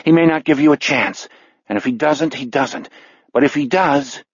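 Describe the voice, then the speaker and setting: A man's voice: a little high, fairly quick, breathy edge, no room sound, dull audio. A man reading a cold, curt woman's voice. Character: cold, commanding inner woman's voice.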